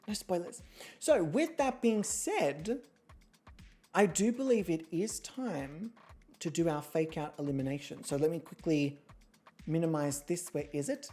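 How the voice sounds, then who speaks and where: A woman chatting on her livestream as host of an online model competition, jokey and prone to squealing high voices. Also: unhurried, mellow, faint music behind. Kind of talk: casual livestream chat. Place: home streaming setup with a pet nearby.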